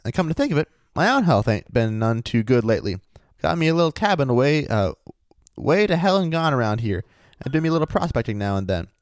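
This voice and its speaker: A rough, cheerful old prospector with a rustic drawl, needling an old acquaintance with sly hints, as a man puts him on. The voice sits a bit higher than plain talk. Dry, close sound. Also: very animated, fast talker, no room sound, lightly acted. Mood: sly, folksy. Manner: folksy drawl, teasing and sly.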